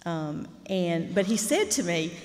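A middle-aged woman, telling a candid, animated story while teaching a fiction master class. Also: on the low side, measured pace. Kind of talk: storytelling lecture. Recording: reverberant lecture hall.

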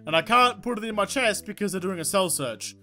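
Excitable sweary woman gaming. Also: medium pitch, brisk. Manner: excitable, sweary, talks to herself and the game. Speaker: gaming YouTuber. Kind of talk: let's-play commentary. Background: game music.

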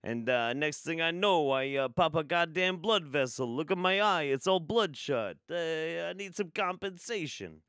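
A man voicing a loud, aggrieved middle-aged man from New Jersey, in a put-on New Jersey accent. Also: on the high side, animated, moderate pace, hardly any pauses, smooth, dry recording, clean studio sound, pitched above the performer's own voice. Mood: indignant.

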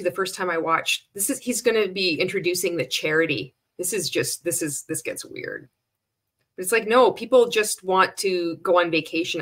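A woman's voice: lowish voice, fairly bright tone. A woman delivering sarcastic commentary on a clip she is watching. Her talk is blunt and full of swearing. She breaks into laughter between remarks. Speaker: commentator reacting to a sales pitch. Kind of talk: casual commentary.

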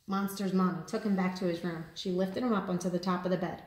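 A woman teacher reading a children's picture book aloud, with animated storytelling. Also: medium pitch, fast talker, few pauses, reverberant. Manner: animated storytelling, lifting her voice for the children's cries. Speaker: kindergarten teacher.

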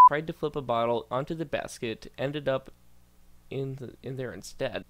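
A man's voice: medium pitch, normal speed, sharp tone. A man doing casual reaction commentary as a YouTuber, reading posts aloud, stumbling over words and bursting out in disbelief.

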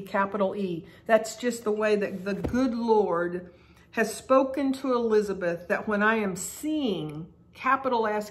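A woman's voice: medium pitch, fairly bright tone. A middle-aged woman leading a Bible study, reading scripture aloud and reflecting on it in an earnest, emphatic way, sometimes spelling out words for emphasis.

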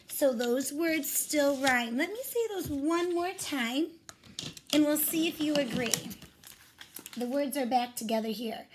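A teacher reads a picture book aloud in a read-aloud phonics lesson, teaching rhymes to young children and encouraging them directly. Her voice is high and animated, at a measured pace.

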